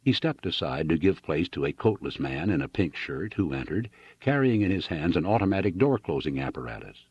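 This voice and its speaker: A man narrates a novel with expressive, dramatic reading. His voice is low and husky, moving lively up and down. The recording is dry and dull. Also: a little fast, hardly any pauses, no room sound. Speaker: audiobook narrator. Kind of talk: scripted narration.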